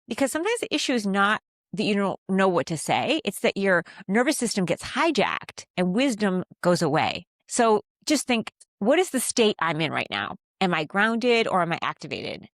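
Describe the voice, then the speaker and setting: A woman giving a calm, faith-based self-help talk on handling conflict. She teaches step by step and slows down to stress key phrases. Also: medium pitch, dry recording, studio quality. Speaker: communication coach.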